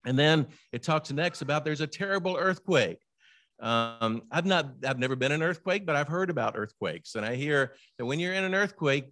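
Animated man preaching, dry sound. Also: fairly high pitch, no echo. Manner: animated storytelling, dropping to a near hush on quiet passages; conversational, with humor and direct questions to listeners. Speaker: pastor. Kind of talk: sermon.

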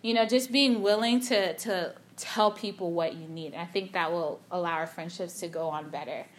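A young adult woman giving a casual sermon, telling a personal story in an animated way with lots of filler words and acted-out quotes. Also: lowish voice, moderate pace, a little hiss or hum. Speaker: youth speaker.

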